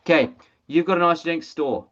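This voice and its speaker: A presenter running an energetic sales training webinar over a video call, blunt and excitable, swearing casually. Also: mid-range voice, normal speed, muffled recording.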